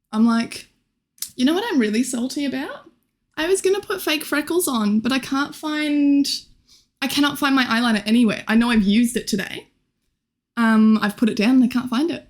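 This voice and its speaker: A young woman streaming live, chatting casually and greeting viewers, giggly and scattered, her voice a little worn. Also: high voice. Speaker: Twitch streamer.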